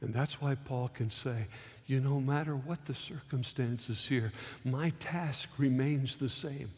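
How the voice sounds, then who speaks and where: A male pastor preaching a sermon, slowing down for dramatic emphasis and acting out heartfelt quoted pleas. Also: medium pitch, darkish tone, husky, long reverb tail.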